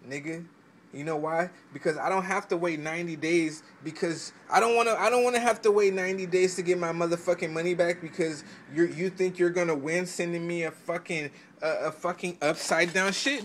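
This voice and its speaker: A man ranting in a profane vlog, stammering through restarts and swinging into loud outbursts. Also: sits high. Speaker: vlogger giving selling advice.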